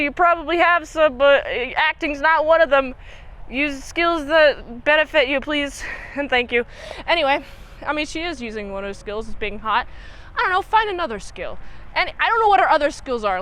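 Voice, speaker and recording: A woman recapping a movie in a casual chat, animated and playfully mocking, bursting into squealing impressions. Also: high-pitched, normal speed. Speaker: movie reviewer.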